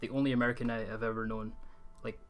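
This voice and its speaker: A man's voice: medium pitch, little pitch movement, fast, faint music behind. A young man from Scotland with a mild Scottish accent that leans English, live-streaming a game from a hot room at home into a desk condenser mic. He sounds tired and rambles, answering chat with frequent restarts. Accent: mild Scottish, mostly English-leaning. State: tired from the heat. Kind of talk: casual live-stream chat while gaming. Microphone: desk USB condenser mic.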